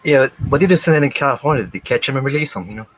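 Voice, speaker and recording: A man co-hosting a podcast in casual chat, agreeable and quick with short remarks. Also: mid-range voice, animated, crowd noise, rough recording. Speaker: podcast co-host.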